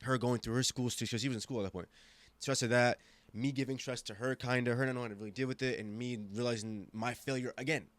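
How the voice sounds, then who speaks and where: A man in his twenties from Germany, guest on a podcast, telling a story with emphatic, animated delivery and many restarts. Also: medium pitch, fast, no echo. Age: 20s. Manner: animated, emphatic, acts out quoted voices, frequent restarts. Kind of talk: casual storytelling conversation.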